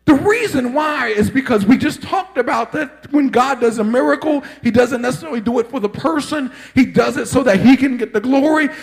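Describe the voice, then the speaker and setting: A male pastor preaching a sermon with fervent energy, often rising into shouted exclamations. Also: extremely high pitch, vocal fry, rough recording.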